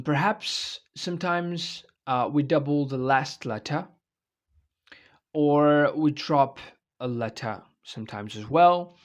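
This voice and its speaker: A man giving an online English grammar lecture, explaining step by step and checking in often with "okay?" and "right?". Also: mid-range voice. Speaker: English teacher.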